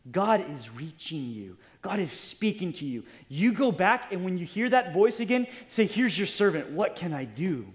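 Man voicing old male priest, calm, wise, low, quiet, gentle, sermon retelling. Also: normal speed, few pauses.

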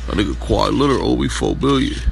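A man's voice: on the low side, sing-song, quick pace, vocal fry, a little hiss or hum. A man doing crude, rambling comedy voice-overs over basketball clips. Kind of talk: comic voice-over dubbing.

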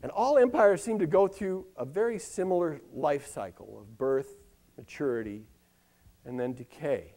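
An older man performing a wry, ironic comic monologue on a live stage, delivered like a newscast with dramatic pauses and long lists. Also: on the high side, dark tone. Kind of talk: comic spoken-word monologue with news-style delivery.

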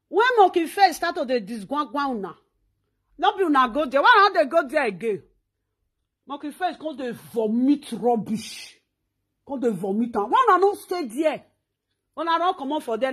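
A woman's voice: sits high, very animated, normal speed, a bit bright. A Nigerian woman hosting her own talk show, delivering a scolding, insulting rant. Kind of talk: social media rant.

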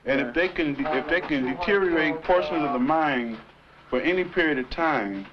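A young war veteran giving rambling testimony at a panel, full of 'you know'. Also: male voice, on the high side, animated, moderate pace. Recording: dull old archive recording with crowd.

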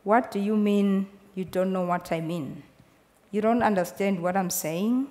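A woman's voice: mid-range voice, measured pace, mellow, natural voice. A woman voicing a frustrated aunt who insists emphatically and separates her words, in a reverberant live hall. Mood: insistent, exasperated.

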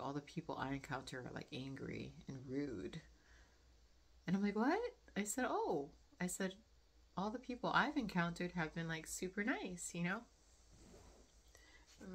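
A young woman talks at length to her viewers in a loose, meandering way, leaning on fillers and pausing to reflect. Her voice sits low, with a gravelly fry running through it. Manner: chatty, frequent fillers, laughs often, reflective. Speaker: vlogger. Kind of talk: casual rambling monologue.

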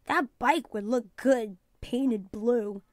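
Lady reading as a sweet earnest little boy, kinda high voice, dry close sound. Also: slow, dry recording. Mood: eager. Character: young boy, earnest hardworking son.

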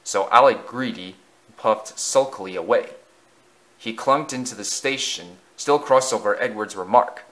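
A man narrating a children's railway story in a lively, expressive reading. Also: lowish voice, measured pace.

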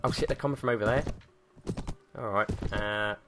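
A British man hosting a gaming channel, giving live gameplay commentary with excitable, sweary banter aimed at the characters on screen. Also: on the low side, moderate pace, faint music behind.

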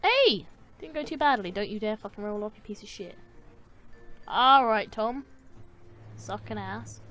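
A woman's voice: mid-range voice, animated, a little slow, a bit bright, faint music behind. A young woman hosting a casual gaming chat, giggling a lot, swearing and egging her friends on. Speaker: gaming channel host.

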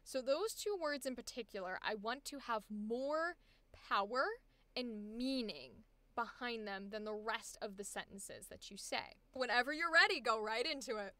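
A woman's voice: fairly high pitch, lively intonation, moderate pace, pushed and bright, no room sound. A woman coaching a voice actor live, enthusiastic and encouraging as she gives feedback. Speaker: voice acting coach.

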